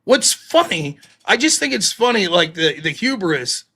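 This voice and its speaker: A man's voice: high-pitched, very animated, unhurried, pushed and bright, breathy edge. A man hosting a live call-in stream, arguing with a caller in a sarcastic, mocking way. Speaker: host of a live call-in show.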